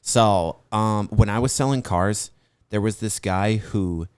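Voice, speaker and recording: A man's voice: on the low side, slow pace, a little mellow, smooth, dry recording. A man on a podcast giving frank advice in casual chat. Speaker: podcast co-host.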